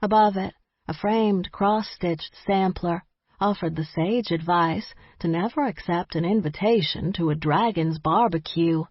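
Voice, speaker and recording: A woman reads a first-person audiobook in a measured, wry storytelling manner. Her voice is husky and a bit low. The recording is dry and slightly muffled. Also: no room sound. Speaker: audiobook narrator. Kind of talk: first-person scripted narration.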